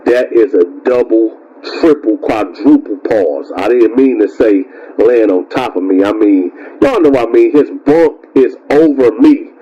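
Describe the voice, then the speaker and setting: A man's voice: mid-range voice, animated, a little slow, dark tone, muffled recording. A man casually telling a story to his viewers, stammering and repeating words; he calls himself tongue-tied. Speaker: storyteller and channel host.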